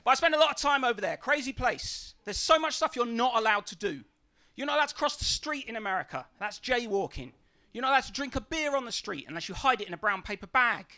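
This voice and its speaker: A man's voice: very high voice, lively intonation, fast, pushed and bright. A man doing a stand-up set on a comedy club stage, with a brash, sweary, mocking delivery.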